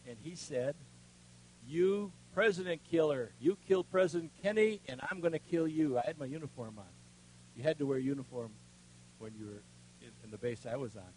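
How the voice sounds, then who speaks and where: An older man preaching, telling a personal story in a folksy way, dropping to a hush and then rising loud. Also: medium pitch, slight background noise, low-quality recording. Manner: folksy storytelling with strong swings between hushed and loud. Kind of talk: sermon with personal testimony.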